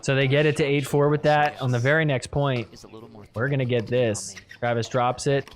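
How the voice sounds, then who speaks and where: A man hosting a podcast, casually talking through match replays play by play and getting excited at big points. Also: mid-range voice, moderate pace. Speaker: podcast host recapping matches. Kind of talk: play-by-play video recap commentary.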